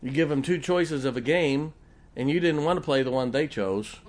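A man's voice: fairly high pitch, moderate pace. Folksy pastor, man, joking sermon. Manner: folksy, joking and laughing with the congregation.

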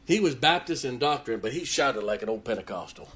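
Bright-voiced preacher telling a story. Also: male voice, mid-range voice, lively intonation, brisk. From Ohio. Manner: emotional storytelling, drops to a hushed voice for tender moments. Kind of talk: sermon storytelling.

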